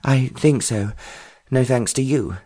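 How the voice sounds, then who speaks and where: A man's voice: lowish voice, lively intonation, moderate pace, a little mellow. A man voicing a defiant, snappish young woman rider in an audiobook romance.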